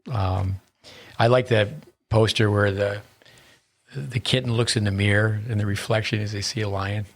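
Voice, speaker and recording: Flat-toned male podcast host. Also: on the low side, normal speed. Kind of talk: podcast interview.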